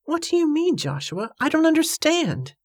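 A woman's voice: sits high, sing-song, moderate pace, a little mellow, no room sound, clean studio sound, pitched above the performer's own voice. Give me a bewildered young woman pleading in a lifted voice, as a woman reader plays her.

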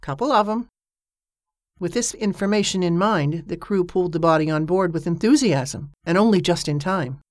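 A woman reading a story aloud as an audiobook narrator, with a steady storytelling manner. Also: moderate pace, hardly any pauses, dry recording, studio quality. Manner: steady storytelling voice, lifting pitch for characters' dialogue. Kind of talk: scripted narration.

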